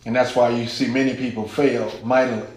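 A man preaching a sermon as pastor, slow and deliberate, rising with emphasis as he reads scripture aloud to his congregation. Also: mid-range voice, flat delivery, darkish tone, a little hiss or hum. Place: church hall. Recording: echoey church room.

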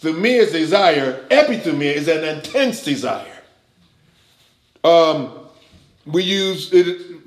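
A man preaching with a fairly high voice that rises to emphatic peaks and drops to low asides. The room around him is roomy and echoing. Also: slow pace, pauses often. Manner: animated preaching, swings from loud to quiet. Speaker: pastor teaching a Bible class. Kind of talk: sermon.

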